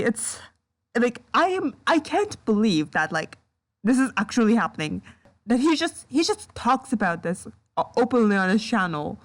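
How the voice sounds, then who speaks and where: A woman doing reaction commentary on a video, exasperated and stammering, breaking into yells of disbelief. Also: fairly high pitch, sing-song, normal speed. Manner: exasperated, stammering, bursts into yelling. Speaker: commentary YouTuber.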